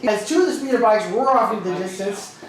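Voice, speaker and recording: A man's voice: sits high, animated, fast, crowd noise. A man narrating a tabletop game as game master, in a laid-back, rambling way. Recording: echoey room, mic far off.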